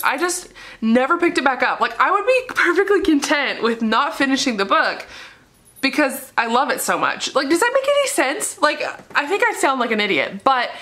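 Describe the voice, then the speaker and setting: Young woman vlogger, bright tone, gushing and tearful, casual chat at home. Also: high-pitched. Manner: gushing, emotional, laughs often. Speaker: book vlogger. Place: dark living room at home.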